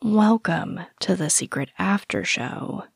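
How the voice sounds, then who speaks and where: Woman true crime podcaster, sore throat, kinda low gravelly voice, soft-spoken, talks right to listeners. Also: lively intonation, slow, no room sound, clean studio sound. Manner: earnest, soft-spoken, addresses listeners directly. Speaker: podcast host. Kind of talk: true crime podcast narration and casual after-show chat.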